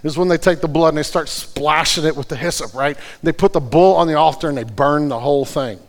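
A man with a high-pitched voice delivers a sermon with earnest conviction. He moves between fervent prayer and quiet, careful explanation. The sound carries the long reverb of a church hall. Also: fast talker. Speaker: pastor.

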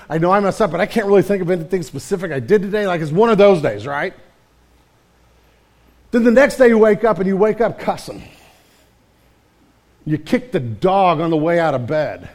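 A man preaching a sermon to his congregation in a conversational way, often repeating words and throwing in "man" as he talks. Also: high-pitched. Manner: repeats words and restarts mid-sentence. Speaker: pastor.

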